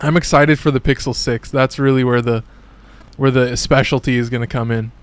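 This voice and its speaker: A young man chatting through a live game stream in a smooth, resonant voice, his pitch sitting right in the middle for a man. He rambles and gets excitable, leans on "like" constantly and drops the odd curse. The delivery is loose and off the cuff, commentary spoken as he plays. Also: moderate pace. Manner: excitable, rambling, curses casually, says like a lot.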